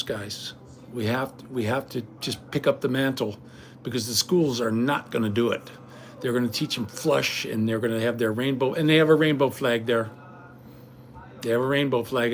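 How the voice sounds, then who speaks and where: A man's voice: mid-range voice, a little hiss or hum. A middle-aged man talking casually at home in a vlog, indignant and rambling. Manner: indignant, ranting. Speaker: vlogger.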